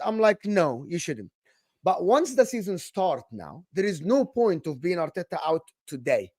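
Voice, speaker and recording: A man co-hosting a live football stream, his voice high and lively. He keeps asking the same question and restarts his sentences. The sound is dry and close. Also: dry recording. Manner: insistent, repeats questions, halting. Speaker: co-host.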